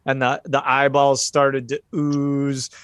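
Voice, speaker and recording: A man's voice: mid-range voice, completely flat delivery, slow pace, a bit bright, smooth, dry recording. A man running a tabletop horror game as game master, narrating loosely with many fillers.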